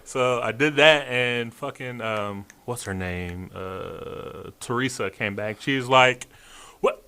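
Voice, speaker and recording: A man telling old work stories in casual chat, relaxed and profane, chuckling as he goes. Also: medium pitch, takes it slowly, clear, resonant tone. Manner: laid-back, profane, chuckling. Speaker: podcast co-host.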